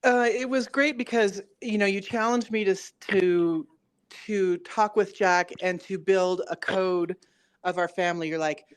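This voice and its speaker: A woman chatting casually as a coaching client, telling a story and quoting herself and her son. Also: medium pitch. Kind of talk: casual conversation.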